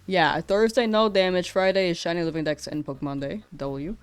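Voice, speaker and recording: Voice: mid-range voice, steady tone, brisk, clean tone. Game streamer, tired, rambling, self-correcting, laughs a lot, close mic, faint music behind. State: tired after a long stream. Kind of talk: casual live-stream chat. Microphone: close to the mouth.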